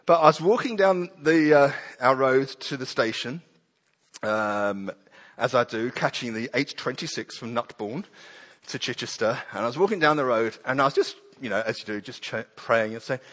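A man's voice: medium pitch, expressive, moderate pace, fairly bright tone, in a large hall. A man preaching a sermon, animatedly acting out prayers and children's voices.

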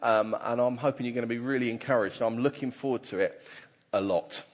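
A man preaching a conversational sermon to his congregation and reading scripture aloud with animated delivery. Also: mid-range voice, fairly quick. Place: church hall. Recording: reverberant church hall.

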